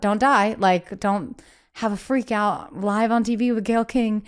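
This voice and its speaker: A chatty woman singer speaks openly as an interview guest, her voice smooth and clean at a middle pitch. She talks in a loose, animated way, slipping into the voices of people she quotes, with plenty of "like" between phrases. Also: moderate pace. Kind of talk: candid casual interview chat.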